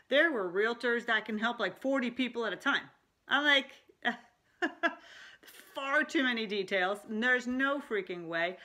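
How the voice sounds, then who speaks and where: A middle-aged woman with a bright, forward voice, chatting to camera as a life coach. She talks in an animated, loose way, with frequent laughs and asides. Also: mid-range voice. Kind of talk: casual talking-head vlog.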